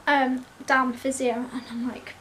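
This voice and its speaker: A young woman, telling a story in an excited, breathless rush and acting out what everyone said. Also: high-pitched, normal speed, a little hiss or hum. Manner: breathless, gushing, acts out quoted voices. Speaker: vlogger.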